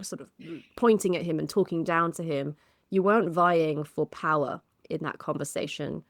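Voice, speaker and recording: A woman podcast co-host in casual chat, speaking in a measured, analytical way, and her voice softens at the ends of phrases. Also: deep voice, no echo, studio quality.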